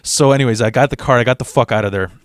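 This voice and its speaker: A man telling a comedic personal story in a rambling, profane monologue, acting out the dialogue with shifting voices and jumping between fast and slow delivery. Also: mid-range voice, no echo, clean studio sound.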